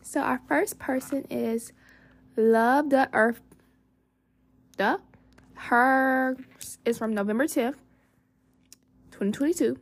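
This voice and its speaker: A woman's voice: sits high, slow pace, long pauses, no room sound. A young woman hosting a casual advice podcast, bubbly and gushing, full of endearments and fillers. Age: young adult. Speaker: podcast host.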